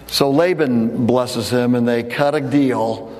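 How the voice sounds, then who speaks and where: A man's voice: mid-range voice, steady tone, measured pace, hardly any pauses, a little mellow, in a large hall. A man preaching a sermon, telling a story in a loose, conversational way with frequent restarts. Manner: casual storytelling with repeated restarts. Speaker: pastor.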